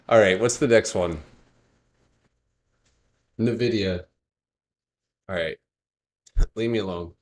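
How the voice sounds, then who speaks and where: A man's voice: lowish voice, drawn-out words, long pauses. A man hosting a casual stock trading livestream, reading charts and joking with his chat. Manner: laid-back, joking with chat, laughs often.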